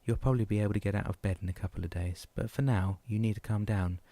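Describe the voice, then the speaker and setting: A man voicing a patient female nurse in a soft, calming tone. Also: on the low side, fast talker, no echo, close to an everyday voice. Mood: soothing.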